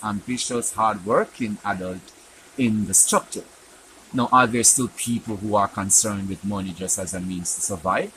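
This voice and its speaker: A man from Jamaica, host of a spiritual teaching program, telling stories and acting out dialogue with sharp jumps in his pitch. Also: background noise.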